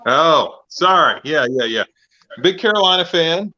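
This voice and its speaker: Bright-voiced man hosting a live stream. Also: fairly high pitch, lively intonation, a little slow. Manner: chatty, teasing, storytelling. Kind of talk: casual chat. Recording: lo-fi stream audio.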